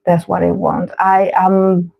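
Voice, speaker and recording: A woman's voice: fairly low pitch, monotone, takes it slowly, creaky, no room sound, muffled recording. A woman hosting a tarot livestream, talking frankly and reflectively while she searches for her words. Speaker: tarot reader host. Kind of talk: casual livestream monologue.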